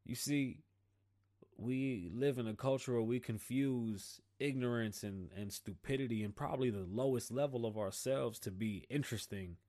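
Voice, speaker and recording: A man's voice: mid-range voice, moderate pace, darkish tone. A man hosting his own show, delivering a blunt, profane, slang-filled political rant in a casual style. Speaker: podcast host.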